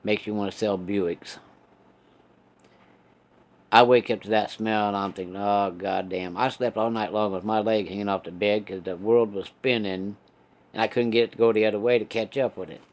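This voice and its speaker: A man's voice: fairly low pitch, fairly even intonation, normal speed. A man spins a casual tale. His delivery is folksy and laid-back, with plenty of swearing. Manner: folksy, profane, laid-back drawl of a storyteller. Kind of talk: casual storytelling.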